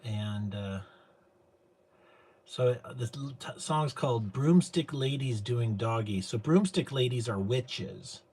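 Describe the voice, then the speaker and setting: A man's voice: medium pitch, slow pace, darkish tone, slightly rough. A man hosting his own show, chatting casually and rambling with many fillers. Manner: rambling, hesitant, full of fillers. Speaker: show host. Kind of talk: casual livestream chat.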